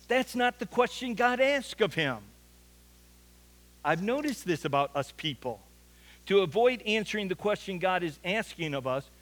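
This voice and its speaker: A man preaching a sermon to his church, with a rather high voice for a man. He tells the story earnestly and doubles back on words when he presses a point. His voice carries a long reverb from a large church hall. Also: fairly bright tone. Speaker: pastor.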